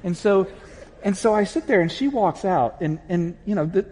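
Animated husky pastor preaching in a hall. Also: male voice, high voice, normal speed. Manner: animated, acts out voices while telling a story. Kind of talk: sermon with storytelling.

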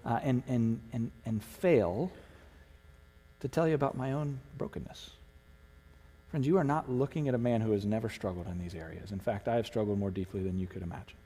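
In a church sanctuary with long hall reverb, a pastor with a mellow, mid-range voice preaches a sermon. He is earnest and emotional, building to fervent emphasis.

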